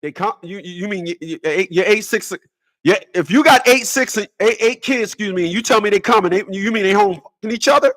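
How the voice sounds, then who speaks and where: A man's voice: high voice, brisk, fairly bright tone. A man ranting in a rambling comedic monologue, stammering and repeating words as he goes. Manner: stammers and repeats words, laughs at own jokes. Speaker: vlogger.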